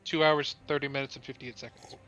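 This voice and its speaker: Man, soft-spoken, mid pitch, casual gaming chat, game music clearly audible. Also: little pitch movement, fast, dull audio. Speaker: livestream guest player. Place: living room. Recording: game music loud behind voice.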